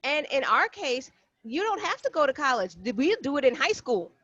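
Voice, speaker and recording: A woman co-hosts a relaxed podcast chat, explaining and backing up her friend's points. Her voice sits a touch high, and the recording is dry with a dull, lo-fi sound. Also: moderate pace, no room sound. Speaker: podcast co-host. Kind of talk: casual chat.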